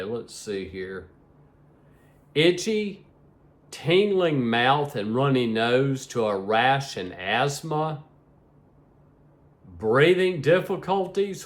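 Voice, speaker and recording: A middle-aged man rambling to his viewers in a casual vlog, sleepy and yawning, often repeating himself. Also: mid-range voice. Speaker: vlogger.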